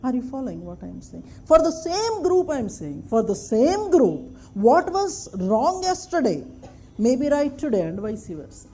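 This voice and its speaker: A woman's voice: high voice, big pitch swings, measured pace, dark tone, slightly rough. A woman giving a classroom lecture, emphatic, repeating points and checking that her students follow. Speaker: anthropology lecturer.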